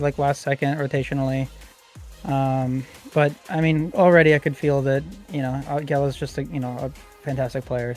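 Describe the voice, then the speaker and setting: A man's voice: mid-range voice, a little mellow. A man on a podcast talking about his team, with lots of fillers and restarts. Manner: hesitant, many fillers and restarts. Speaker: competitive player guest. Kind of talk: casual podcast chat.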